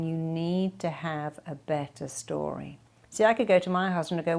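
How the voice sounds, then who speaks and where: A woman's voice: fairly low pitch, moderate pace, creaky, a little mellow. A woman therapist answering a viewer's question with direct, reassuring advice.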